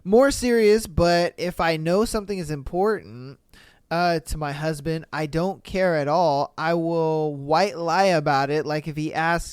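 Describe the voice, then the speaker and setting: Slow, slangy male podcast host. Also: fairly high pitch, clear, resonant tone, dry recording, studio quality. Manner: slangy, laid-back, chuckling asides. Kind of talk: casual commentary reading listener posts. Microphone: studio podcast mic.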